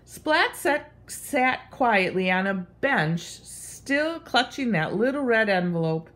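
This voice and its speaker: A woman reading a children's picture book aloud in an expressive, sing-song voice. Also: on the high side, slow.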